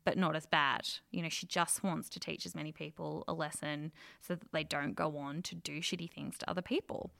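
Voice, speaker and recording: A woman's voice: deep voice, fairly even intonation, fairly quick, creaky, few pauses, fairly bright tone. A woman co-hosting a casual film review chat, gushing with enthusiasm and acting out scenes as she retells them.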